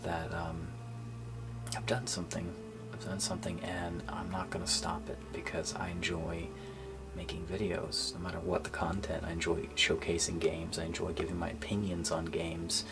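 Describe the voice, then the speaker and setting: A man talking casually to his gaming channel's viewers in a subdued, low-spirited way, halting with fillers and sometimes dropping to a near-whisper. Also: completely flat delivery. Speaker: gaming YouTuber. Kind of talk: casual thank-you vlog. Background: faint background music.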